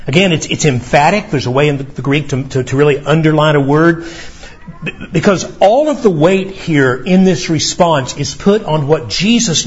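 The dull, lo-fi recording captures a pastor preaching in a church sanctuary. His voice is husky and a bit high, and his earnest delivery includes voiced quotations and stumbles where he quickly starts over.

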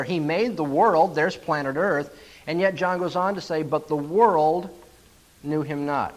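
A man preaching a sermon, slowing down and leaning hard on key words as he expounds a verse. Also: a little high, low-quality recording. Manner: emphatic, slows and stresses key words.

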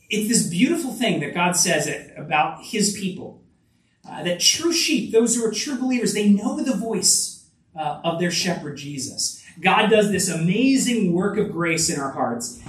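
A man preaching a sermon in an earnest, conversational way, often restarting phrases. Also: measured pace. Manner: earnest, with frequent restarts and lively rises in pitch. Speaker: pastor. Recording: echoey room, voice from a distance.

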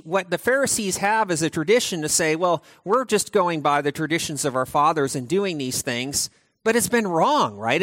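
A male pastor preaches in a loose, conversational way. His voice sits high and leaps up and down as he explains, doubling back and restarting his sentences. The sound is close and dry, with no room around it. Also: no echo. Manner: animated, chatty preaching with frequent restarts. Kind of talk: conversational sermon.

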